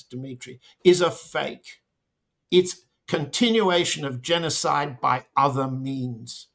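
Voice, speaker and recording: A man giving slow, deliberate political commentary as an interview guest, with pointed emphasis. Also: a little high, gravelly, a bit bright.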